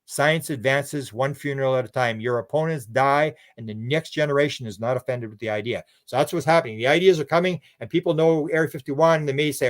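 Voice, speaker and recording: A man's voice: mid-range voice, a little fast, few pauses. A man talking as a radio show guest in a loose, rambling way, often repeating words and restarting sentences. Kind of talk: casual radio interview talk.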